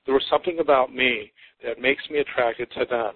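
A man's voice: medium pitch, fairly even intonation, fairly quick, noisy background. Man in his fifties on a tinny line. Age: 50s. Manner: earnest, reflective, frequent restarts and hesitations. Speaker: psychotherapist and author, podcast guest. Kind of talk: conversational interview. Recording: tinny phone-like line, dry.

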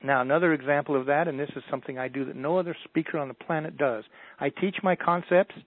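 A man telling stories as a motivational speaker in a radio interview, in a folksy, animated way. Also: fairly high pitch, fast talker, no room sound. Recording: dry, tinny phone line.

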